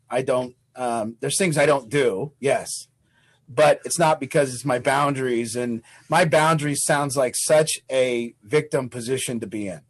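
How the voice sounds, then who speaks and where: A man's voice: mid-range voice, rough recording. A man leading a recovery support group on a video call, talking bluntly and swearing freely, acting out what others might say.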